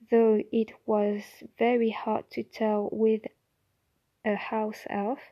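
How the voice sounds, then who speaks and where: A woman doing an amateur audiobook reading, stumbling and restarting here and there. Her voice is a bit high and soft-toned, and she reads very slowly. The recording is close and dry. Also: vocal fry, breathy edge, dry recording. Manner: halting, with slips and restarts. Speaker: audiobook reader.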